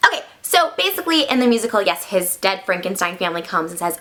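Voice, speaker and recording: A woman's voice: on the high side, animated, quick pace, few pauses, a bit bright. A woman giving a bubbly, casual plot recap, acting out scenes as she goes. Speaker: vlogger.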